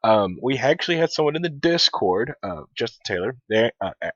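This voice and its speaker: A man's voice: mid-range voice, big pitch swings, fairly quick, a bit bright, dry recording. A man hosting a casual podcast, laid-back and wry as he reads out chat messages. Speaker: podcast host. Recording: dull, dry lo-fi sound.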